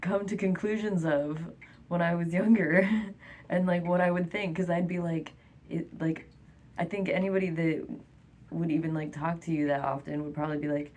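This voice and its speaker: A young woman talks straight to camera in a loose, rambling vlog monologue. She giggles nervously through her sentences and keeps reaching for fillers. Her voice sits a little low for a woman. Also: fairly even intonation, a little fast, a little mellow. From France.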